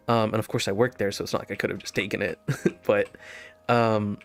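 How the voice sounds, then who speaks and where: A man's voice: on the low side, fairly even intonation, a little fast, vocal fry. A man telling a casual story over gameplay, laughing often and restarting his sentences.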